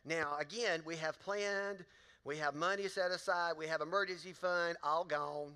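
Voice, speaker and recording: This pastor's voice sits fairly high, with fairly even intonation, a sharp, smooth tone, and a normal speed. He delivers a sermon full of folksy stories and questions aimed at the congregation, speaking in a large church auditorium with long hall reverb.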